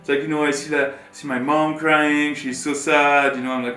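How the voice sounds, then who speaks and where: A man from France, telling a personal story as co-host in a rambling, animated, filler-heavy way. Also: fairly high pitch, fairly quick, few pauses. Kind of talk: casual storytelling chat. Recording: roomy room with faint guitar music.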